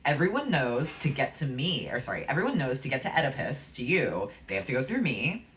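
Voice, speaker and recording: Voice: mid-range voice, big pitch swings, fairly quick, a bit bright, low-quality recording. A speaker voicing a defensive ancient nobleman with slangy exasperation while retelling a play. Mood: exasperated.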